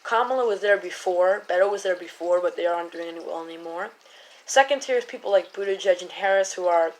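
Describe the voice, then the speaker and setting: A woman's voice: medium pitch, rough recording. A woman giving casual commentary to camera, rambling with many fillers and often stopping to correct herself. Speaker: political vlogger.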